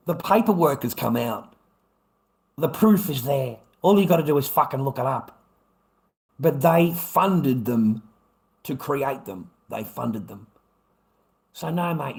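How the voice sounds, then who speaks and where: A man's voice: a little high, lively intonation, measured pace, vocal fry, pauses often, darkish tone. A man with an Australian accent, ranting angrily and profanely at an unseen opponent on his livestream. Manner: angry, profane, lecturing.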